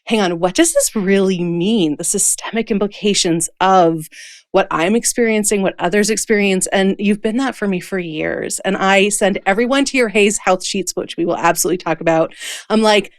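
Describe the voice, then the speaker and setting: A woman's voice: mid-range voice, a little fast, no room sound, studio quality. A woman hosting a podcast, talking in a gushing, enthusiastic way with her guest. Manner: gushing, enthusiastic fan talk. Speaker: podcast host. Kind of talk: casual chat.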